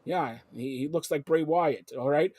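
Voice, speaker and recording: A male host on a live sports talk show, excitable and jumping between topics with loud outbursts. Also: on the high side, normal speed, no echo, studio quality.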